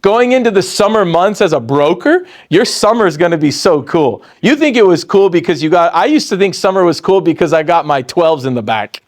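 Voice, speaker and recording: A man in his forties with a high voice gives a lively motivational training talk. He punches up his excitement with sudden jumps in pitch, then drops low and calm when he quotes someone else. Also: a little fast, hardly any pauses. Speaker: sales training speaker.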